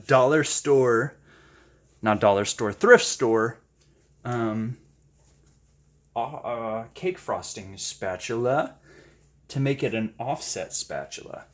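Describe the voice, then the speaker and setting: A man chatting casually while he paints, gushing with excited exclamations and making self-deprecating asides. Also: medium pitch, slow. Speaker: paint-pouring channel host.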